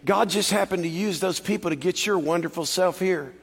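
Gravelly high-voiced preacher in a hall. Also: male voice, brisk. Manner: animated, building to loud exhortation. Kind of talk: sermon with personal storytelling. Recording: long hall reverb.

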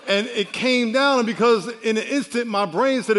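Male pastor, 50s, fairly high voice, lively sermon storytelling, long church-hall reverb. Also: brisk, hardly any pauses. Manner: animated storytelling, swings from quiet to loud.

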